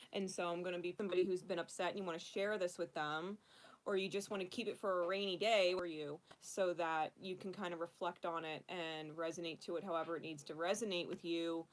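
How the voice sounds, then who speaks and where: A woman hosting a casual livestream card reading, chatting and laughing often before softly calling in her angels. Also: lowish voice, steady tone, moderate pace. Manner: chatty, laughs often, soft prayerful invocations. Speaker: spiritual card reader.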